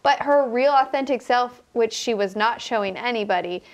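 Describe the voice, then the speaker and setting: A woman's voice: on the high side, moderate pace. A young woman co-hosting a casual podcast, chatting and explaining behind-the-scenes details as a former contestant. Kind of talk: casual chat.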